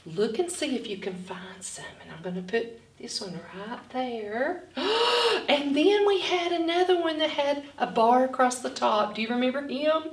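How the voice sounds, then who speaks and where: Animated woman teaching phonics, far-off echo. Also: high voice. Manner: animated, with dramatic gasps, slow and clearly spoken. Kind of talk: storybook reading and phonics lesson for children. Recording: echoey room, far from the mic.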